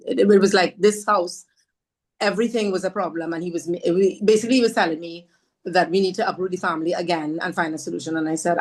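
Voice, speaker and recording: A woman with a fairly low voice recounts her experiences as a podcast guest. She is animated and self-mocking, and her pace shifts as she tells the story. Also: fast. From Trinidad. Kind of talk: storytelling conversation.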